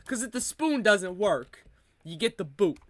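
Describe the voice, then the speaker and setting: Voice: medium pitch, lively intonation, a little slow, a bit bright, dry recording. Someone putting on a brash Italian-American storyteller. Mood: mock-stern. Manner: choppy exaggerated Italian-American accent, comic bits. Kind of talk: comedy bits during a game stream.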